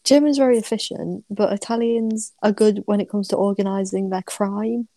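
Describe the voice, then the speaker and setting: A woman's voice: mid-range voice, fairly even intonation, a little fast, mellow, dry recording. An English woman co-hosting a podcast, chatting casually and teasing her co-host. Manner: laughs along, teasing. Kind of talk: casual comedic chat.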